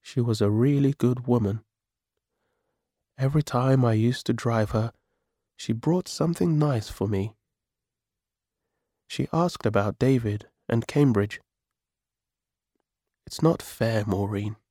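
A man voicing a weary, grieving older husband in a storybook reading, with a weak, quiet voice. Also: mid-range voice, takes it slowly, long pauses, dry recording, clean studio sound.

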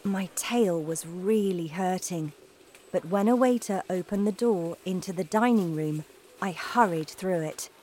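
A woman reading a children's storybook aloud as narrator, with a slow, expressive delivery. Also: lowish voice, slight background noise. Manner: slow, lively intonation.

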